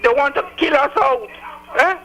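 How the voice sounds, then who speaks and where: A man's voice: very high-pitched, normal speed, sharp tone, low-quality recording. A man with a Trinidad and Tobago accent from Tobago, calling in to a talk radio show and ranting fiercely, repeating his points. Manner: fiery, repetitive ranting. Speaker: radio caller.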